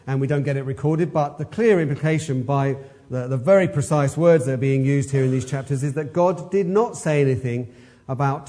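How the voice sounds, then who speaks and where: A man's voice: medium pitch, dark tone. A man preaching an expository sermon, emphatic and fond of rhetorical questions.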